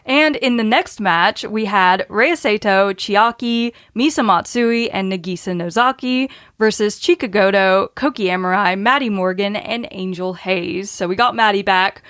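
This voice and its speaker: A woman's voice: medium pitch, measured pace, hardly any pauses, a bit bright, smooth, no room sound. Woman podcast host going over results, giggly, dead dry room. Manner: reads match results, laughs often. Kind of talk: casual podcast recap.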